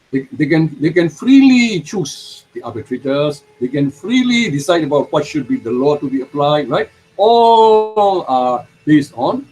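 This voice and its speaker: Lively-pitched man giving a law lecture. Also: rough recording. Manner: explains slowly, repeats terms, asks the class questions. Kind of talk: university lecture.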